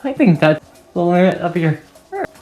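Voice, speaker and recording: Brief: scolding school nurse, voiced by a woman reading a fan story, quick, lively pitch. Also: faint music behind.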